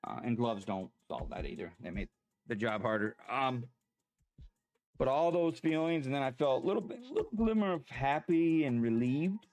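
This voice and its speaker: A man telling a personal story in a halting, rambling way, pausing as the emotions come back. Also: medium pitch, sing-song, a little mellow. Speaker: vlogger.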